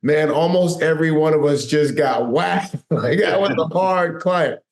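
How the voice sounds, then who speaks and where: A man's voice: fairly high pitch, measured pace. A man hosting a podcast, talking in a laid-back, slangy way and laughing often as he swaps stories with a guest. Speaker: podcast host. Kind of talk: casual chat.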